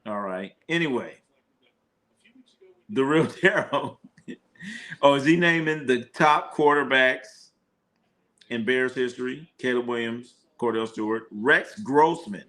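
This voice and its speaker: This sports streamer, with a mid-range and slightly bright voice, takes it slowly and leaves long pauses while casually recapping football scores live. His riffing is rambling, profane, and repetitive.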